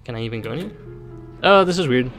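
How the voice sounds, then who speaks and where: A man's voice: mid-range voice, lively intonation, quick pace, fairly bright tone, soft background music. Joking man narrating a horror game. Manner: jokey, reads game dialogue aloud in voices. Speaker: gaming commentator. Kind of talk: let's play commentary with voiced dialogue.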